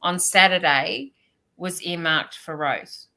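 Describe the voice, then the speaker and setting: A woman co-hosting a casual live chat, brisk and rushing through her asides. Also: fairly low pitch, sharp tone. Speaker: co-host.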